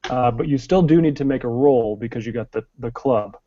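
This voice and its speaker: A man's voice: mid-range voice, fairly quick, warm tone, muffled recording. A man acting as game master, explaining the rules step by step with many fillers. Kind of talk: running a tabletop game.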